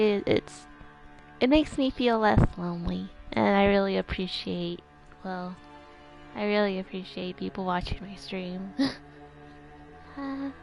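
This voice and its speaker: A woman game streamer chatting softly with viewers, giggly and hesitant. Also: mid-range voice, creaky, poor audio. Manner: soft-spoken, giggly, hesitant. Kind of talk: casual chat.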